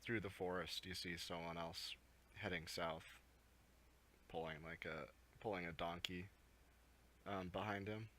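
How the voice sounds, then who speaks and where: A man narrating as game master in a tabletop game, pausing often with fillers. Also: low voice, fairly even intonation, sharp tone, slight background noise. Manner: hesitant, many fillers.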